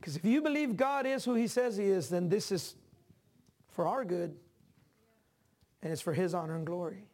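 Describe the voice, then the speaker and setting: High-pitched guy preaching a sermon, gets loud and animated, talks to the crowd casually. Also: moderate pace, pauses often. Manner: animated preaching that climbs to shouts; conversational asides to the congregation. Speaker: pastor.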